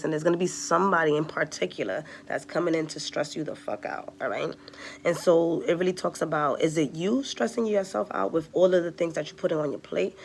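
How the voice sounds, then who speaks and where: A woman's voice: sits low, slight background noise. A woman giving a casual tarot reading, chatty and direct, talking straight to her viewers. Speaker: tarot reader.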